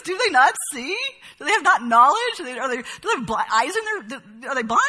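Woman Bible study teacher, bright tone, breathy edge, long reverb, expressive emphatic delivery. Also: fairly high pitch. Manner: expressive, emphatic reading and explaining.

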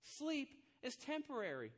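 A man in the role of pastor, delivering a sermon by retelling a story and voicing each character in turn. His delivery moves from hushed narration to forceful, ringing emphasis as he drives his points home. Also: extremely high pitch, wildly swooping pitch, unhurried. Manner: storytelling, acts out quoted voices, builds to loud emphatic climax.

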